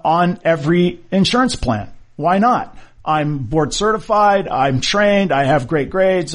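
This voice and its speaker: A middle-aged man talks in a loose, conversational way, making a case with rhetorical questions. His voice sits a little higher than most men's. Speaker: orthopedic surgeon. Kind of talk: casual monologue.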